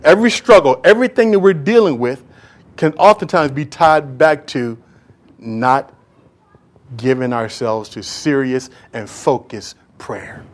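Man preaching, high voice, emphatic, repeats his words. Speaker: pastor. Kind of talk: sermon.

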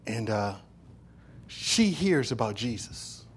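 A man's voice: medium pitch, sing-song, slow pace, a little hiss or hum. A man preaching a sermon, retelling a story with passion and acting out the characters' words. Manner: impassioned, acts out the characters' words.

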